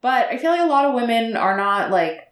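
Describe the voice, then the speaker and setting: A woman's voice: fairly high pitch, sing-song, fairly quick. A woman hosting a casual interview, encouraging her guest and affirming him often. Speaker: podcast host. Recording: distant from mic, roomy echo.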